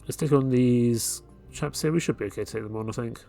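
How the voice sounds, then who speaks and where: A man hosting a let's play, talking through his game in a laid-back, thinking-aloud way. His voice sits at an ordinary middle pitch. Faint game music plays behind him. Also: fairly quick, vocal fry. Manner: relaxed, thinking aloud while playing. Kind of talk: casual gameplay commentary.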